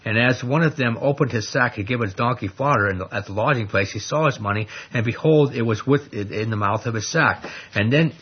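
A man's voice: mid-range voice, brisk, slightly rough, dull audio. A man teaching a Bible study, reading scripture aloud and explaining it in a conversational way, often asking the class questions. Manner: conversational, asks the class questions, many fillers.

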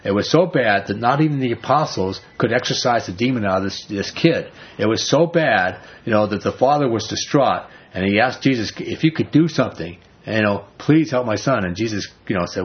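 A man's voice: fairly low pitch, lively intonation, normal speed, husky, muffled recording. A man giving a conversational Bible sermon as a pastor, chatty, with frequent asides.

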